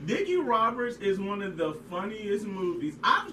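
A man's voice: sits high, big pitch swings, normal speed, pushed and bright, a little hiss or hum, low-quality recording. A man co-hosting a casual podcast, swearing and laughing hard while he retells movie scenes. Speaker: podcast co-host.

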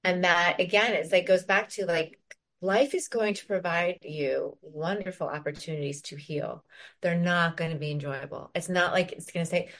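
A woman's voice: lowish voice, moderate pace, fairly bright tone. A woman co-hosting a podcast, talking reflectively and casually, often acting out her own inner voice. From Ireland. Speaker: podcast co-host.

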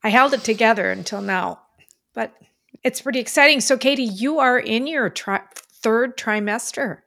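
A woman's voice: on the high side, moderate pace, a bit bright. A mother chatting casually with her grown daughter, soothing and emotional. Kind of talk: casual chat.

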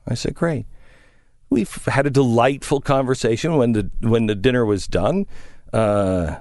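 A man's voice: mid-range voice, normal speed, no echo, clean studio sound. A middle-aged man hosting a talk show, telling a story and acting out the people in it. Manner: animated storyteller, acts out the people in his story. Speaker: radio talk show host. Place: studio away from home.

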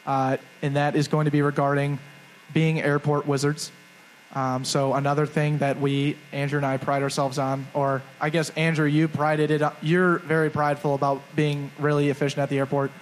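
A young man co-hosts a live show and tells a story in a rambling, self-mocking way. His voice sits a little high, and faint noise hangs under the recording. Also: little pitch movement, moderate pace, rough recording. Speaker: podcast co-host. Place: live stage before a crowd.

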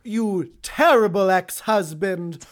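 A man's voice: high voice, takes it slowly. A man voicing a grandiose older female celebrity chef, theatrical and insulting, in an improvised comedy bit. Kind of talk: improvised comedy podcast impression.

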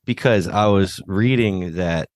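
A man's voice: deep voice, measured pace, darkish tone, no room sound. A man co-hosting a casual chat, rambling and self-deprecating, swearing casually as he loses track of names. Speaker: podcast co-host.

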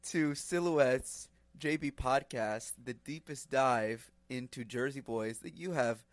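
A man's voice: mid-range voice, slow, dry recording. Male podcast co-host, playful hype man, dry close sound. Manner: playful, jokey, hypes things up. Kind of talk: casual podcast chat. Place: home, on a video call. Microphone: video call.

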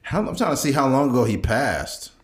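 A man hosting a podcast in casual chat, laughing often and breaking into loud wrestler impressions. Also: mid-range voice, lively intonation, brisk, roomy sound. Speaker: podcast host.

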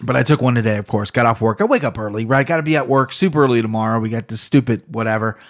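A man from Ohio with an Ohio accent, hosting a solo sports podcast in loose, rambling, profane casual talk, a bit low on energy. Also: very fast. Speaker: podcast host. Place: home room.

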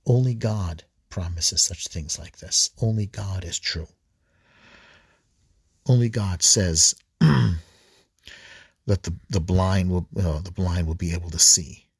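A man preaching an earnest, repetitive reflection on scripture readings for a podcast, often restarting phrases and clearing his throat. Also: sits low, slow pace, long pauses, no echo, clean studio sound.

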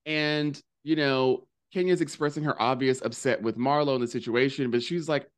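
A man co-hosting a podcast, recapping in casual chat with animated, profane, gossipy storytelling. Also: mid-range voice, normal speed, clear, resonant tone. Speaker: podcast co-host.

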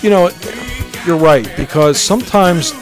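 A man co-hosting a podcast, chatting casually about old pop hits and telling stories, sometimes trailing off softly. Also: a little high, unhurried. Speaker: podcast co-host. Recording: music playing under the talk.

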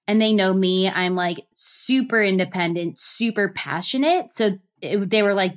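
A woman in her thirties, a guest telling her story in a lively, gushing way with many fillers. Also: mid-range voice, moderate pace, few pauses. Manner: animated, gushing, lots of fillers. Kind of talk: casual storytelling interview.

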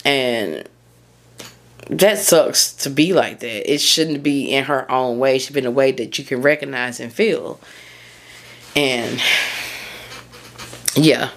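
A woman's voice: very deep voice, slow, long pauses. A woman from Tennessee hosts her own podcast alone. She talks candidly and rambles, often stopping to correct herself or lose her thread. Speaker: podcast host. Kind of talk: solo podcast monologue.

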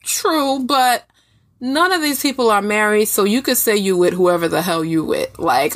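A woman's voice: mid-range voice, moderate pace. A woman co-hosting a podcast, adding petty, profane commentary in casual chat. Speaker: podcast co-host.

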